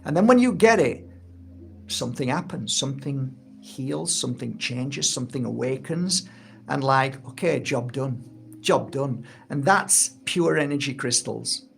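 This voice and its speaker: Soft music plays behind this middle-aged energy healing teacher, founder of his own course, as he talks to camera in an earnest, heartfelt, casual way and acts out small quoted exchanges. His gravelly mid-range voice is expressive, unhurried and fairly bright.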